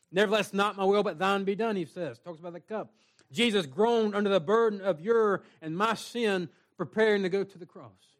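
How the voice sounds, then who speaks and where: High-pitched guy preaching in a small church, earnest, reads scripture out. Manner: earnest preaching, reads scripture aloud in King James wording. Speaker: pastor. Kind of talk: sermon.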